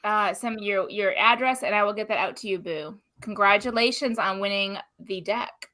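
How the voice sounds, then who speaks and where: A woman's voice: medium pitch, normal speed, bright, forceful tone, rough recording. A woman hosting a casual live-stream chat over a video call, full of crude joking banter. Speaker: host.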